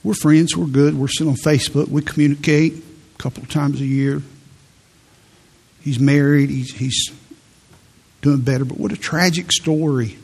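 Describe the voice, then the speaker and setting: A man's voice: a little high, fairly even intonation, normal speed, creaky, darkish tone, slightly rough. A man preaching a sermon, telling personal stories earnestly and reading scripture with growing fervor. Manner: earnest storytelling, rising to fervent scripture reading. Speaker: pastor.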